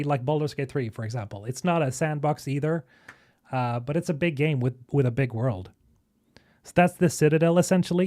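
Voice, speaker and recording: A man hosting a live stream, reacting casually and excitedly to a game video, thinking aloud and swearing. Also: a little high. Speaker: streamer host.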